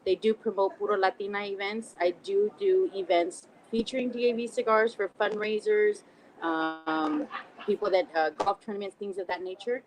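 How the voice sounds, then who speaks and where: A woman's voice: medium pitch, normal speed, rough recording. Casual woman guest, faint noise behind. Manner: relaxed, frequent "um" fillers. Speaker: podcast guest, cigar brand rep. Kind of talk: casual podcast chat.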